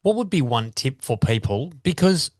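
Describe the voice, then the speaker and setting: A man's voice: mid-range voice, big pitch swings, normal speed, no room sound, studio quality. A man hosting a podcast, chummy and calling his guest mate. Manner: chummy, says mate often. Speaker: podcast host. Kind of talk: casual interview chat.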